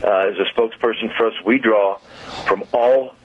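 A man's voice: on the low side, fairly even intonation, a little hiss or hum. A man talking casually on a radio show, rambling with many fillers and restarts. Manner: rambling, halting, full of fillers. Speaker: car dealer guest. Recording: dull lo-fi radio audio.

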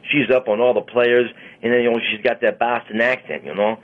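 A man hosting a radio segment, chatting in a rambling way with many pauses and fillers. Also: mid-range voice, level tone. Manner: rambling, lots of uhs, chatty. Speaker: radio host and car dealer. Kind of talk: casual radio banter. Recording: dull lo-fi radio sound.

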